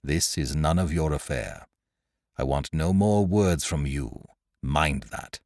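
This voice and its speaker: Man doing a stern, low-voiced ship's captain. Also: takes it slowly, no echo, clean studio sound, exaggerated voice. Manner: commanding, curt, low and hushed.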